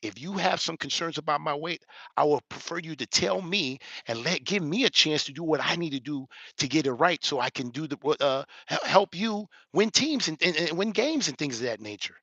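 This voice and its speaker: A man in his forties, an elder, telling a personal story with emphatic rhetorical questions and building toward near shouting. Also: a little high, expressive, fairly quick, vocal fry, husky, no echo, lo-fi sound. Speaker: elder giving a reaction commentary. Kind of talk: animated personal storytelling commentary.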